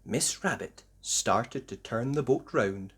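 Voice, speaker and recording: A woman reading a children's storybook aloud with slow, expressive, sing-song delivery. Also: rumbling low, slightly rough. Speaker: story reader.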